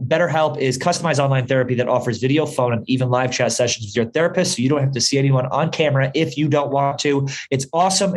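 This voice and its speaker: A man co-hosting a podcast, playful and quick to laugh, ribbing his co-host and reading a sponsor spot. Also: mid-range voice. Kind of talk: casual comedic chat with ad read.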